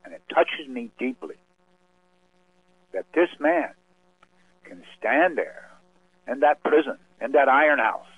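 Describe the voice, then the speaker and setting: A man's voice: mid-range voice, husky, dry recording. Solemn man on a tinny phone line. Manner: solemn, measured, with dramatic pauses. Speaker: radio guest speaking for a cause. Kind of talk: impassioned spoken-word reading and appeal.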